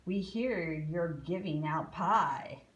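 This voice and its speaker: A sneering gang of big alligators, put on by a woman reading aloud, talking like swaggering bullies. The storybook voice stays slow and measured. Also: lowish voice, expressive, highs cut off, pitched below the performer's own voice.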